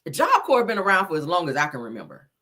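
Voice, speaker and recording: A woman's voice: fairly low pitch, huge pitch swings, fast talker, bright, forceful tone. A woman hosting a casual news commentary stream, emphatic and blunt, swearing freely and calling her viewers honey and child.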